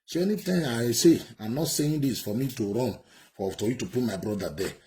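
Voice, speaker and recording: A man's voice: medium pitch, lively intonation, brisk, warm tone. A Nigerian man giving heated, indignant commentary, ranting and repeating himself.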